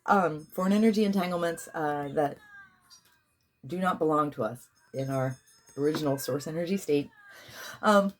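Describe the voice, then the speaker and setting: A woman's voice: low voice, moderate pace, pauses often. A woman leading a guided healing session, chanting affirmations and commanding prayers, yawning at times. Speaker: spiritual healer and card reader.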